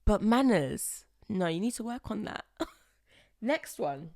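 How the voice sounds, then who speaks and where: A young woman, hosting a podcast and giving blunt, animated relationship advice. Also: medium pitch, slow pace, no room sound, clean studio sound. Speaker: podcast host. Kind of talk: advice monologue.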